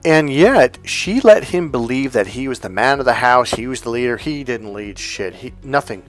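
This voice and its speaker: A man's voice: medium pitch, animated, moderate pace, faint music behind. A man giving a casual, blunt lecture as a dating coach, swearing freely and telling anecdotes. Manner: blunt, profane, emphatic.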